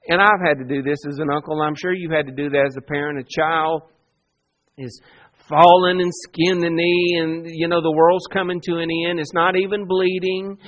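A man preaching a sermon, earnest, moving between soft hushed lines and emphatic ones. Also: high-pitched. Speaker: pastor.

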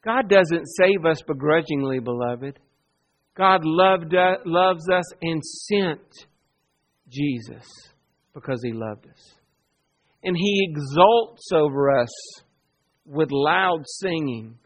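A man preaching a sermon, earnest, moving between soft hushed lines and emphatic ones. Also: a little high, animated, slow. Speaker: pastor.

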